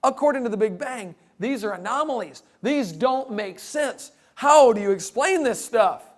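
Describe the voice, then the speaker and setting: High-voiced, joking male lecturer. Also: moderate pace. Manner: joking, animated, playful asides. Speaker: creationist speaker. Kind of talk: humorous lecture to an audience.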